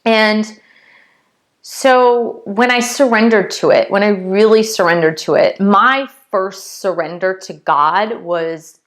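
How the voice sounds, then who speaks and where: A woman's voice: medium pitch, slow pace. Earnest woman vlogger, heavy filler words. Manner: earnest, repetitive, many "like" fillers; emotional, near tears at times. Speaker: spiritual vlogger. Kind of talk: casual heartfelt testimony to camera.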